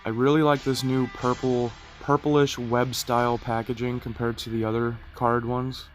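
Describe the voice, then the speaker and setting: A man's voice: mid-range voice, little pitch movement, moderate pace, soft background music. A man with a plugged nose and a nasal voice, chatting casually through a toy review video. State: stuffy nose.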